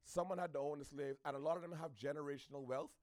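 A man from the Bahamas with a Bahamian accent, ranting to camera in an animated, preachy way, repeating his points. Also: a little high, fast talker, no room sound, studio quality. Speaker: social media commentator. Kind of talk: opinionated rant to camera.

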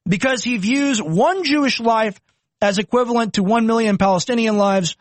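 A man's voice: extremely high pitch, normal speed, no room sound. A young man commenting on video clips, indignant and mocking. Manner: indignant, mocking, puts on silly voices. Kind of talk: political commentary.

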